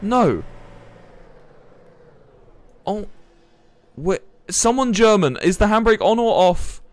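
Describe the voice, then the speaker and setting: A young man, commentating a live game stream in a flustered, excitable way, swearing and laughing. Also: high voice, takes it slowly, no room sound. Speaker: livestreamer.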